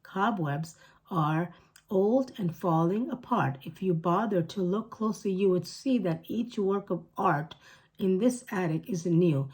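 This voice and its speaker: A woman reading a storybook aloud, voicing a fussy, proper female spider in a squeaky, indignant voice. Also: unhurried, a little mellow, breathy edge.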